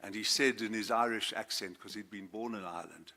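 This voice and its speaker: A South African man in his seventies, a former judge, giving a formal speech to a school assembly. He speaks in a measured, formal way and lifts his voice on key words. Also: lowish voice, bright, forceful tone. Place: school assembly, speaker standing before students.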